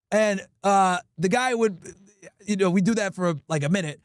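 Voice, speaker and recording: High-voiced man telling a rambling story. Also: expressive, fairly quick, no room sound. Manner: profane, rambling, says "right?" often. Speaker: livestream host. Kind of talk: casual storytelling monologue.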